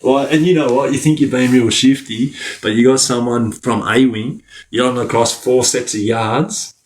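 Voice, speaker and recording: A man spinning a story in a loose, slangy way, often breaking into laughter between lines. He checks in constantly with "right?" and swears freely. His pitch sits in the middle for a man. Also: moderate pace, slight background noise. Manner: animated, laughs often, tags lines with 'right?'. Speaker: podcast guest. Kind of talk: casual storytelling.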